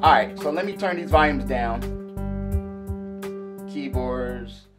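A man casually demonstrating and reviewing a small audio mixer for his viewers, chatty and relaxed. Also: mid-range voice, slow pace, music in the background. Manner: laid-back, chatty, addresses viewers as y'all and man. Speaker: gear reviewer. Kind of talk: casual product demo vlog.

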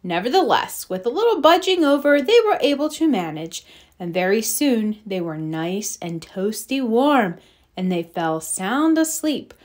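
A woman reading a children's picture book aloud in a slow, expressive, sing-song way. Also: fairly high pitch. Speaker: children's story reader. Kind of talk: storybook read-aloud.

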